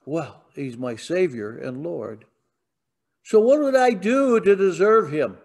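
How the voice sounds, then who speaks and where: A man preaching in a church, with a slow, unhurried delivery and a fairly high voice. He tells the story patiently, then lifts into emphatic declarations. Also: lively intonation, creaky, darkish tone. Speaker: pastor. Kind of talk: sermon. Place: church sanctuary.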